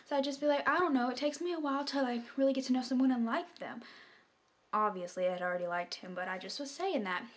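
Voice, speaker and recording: A young woman tells a story to her viewers in a relaxed, chatty vlog voice pitched a little high. Filler words run all through her talk. She drops to a soft whisper whenever she quotes someone. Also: fast. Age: young adult. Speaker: vlogger.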